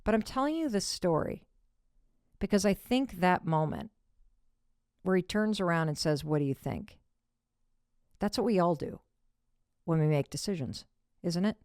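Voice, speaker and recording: A woman's voice: on the low side, lively intonation, normal speed, pauses often, a little mellow, dry recording, studio quality. A woman in her fifties from Michigan, hosting a podcast and telling a personal story expressively, dropping to whispers for asides and swearing casually. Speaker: podcast host.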